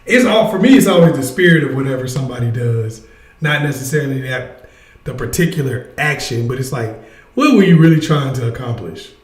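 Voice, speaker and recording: A man's voice: medium pitch, expressive, a little fast, echoey room. A man hosting a casual livestream, energetically urging his viewers to join in. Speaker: livestream host. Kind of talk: casual live chat with viewers.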